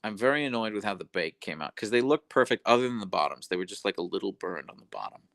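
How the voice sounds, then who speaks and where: A man's voice: fairly low pitch, lively intonation, fast talker, gravelly, a bit bright, dry recording. A young adult man hosting a casual livestream, rambling and correcting himself as he reads chat messages aloud. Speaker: livestream host. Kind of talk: casual live-stream chat.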